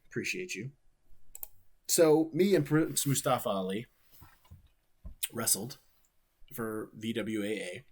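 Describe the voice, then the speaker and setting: A man from Ohio, in his thirties. He talks to his stream in a loose, rambling way, cursing casually. His voice sits on the low side. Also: slightly rough. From Ohio, USA. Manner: laid-back, rambling, swears freely. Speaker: wrestler streaming and watching his matches. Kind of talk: casual livestream chat.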